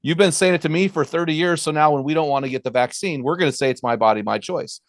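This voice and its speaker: A man's voice: fairly high pitch, fast talker, no room sound, studio quality. A man hosting a podcast interview, talking earnestly and stressing his points. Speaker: podcast host. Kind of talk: conversational interview.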